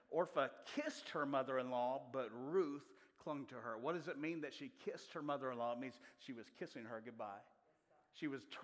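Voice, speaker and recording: A man's voice: medium pitch, a bit bright. A male preacher delivering a sermon, asking the congregation questions as he goes. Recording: long reverb of a large hall.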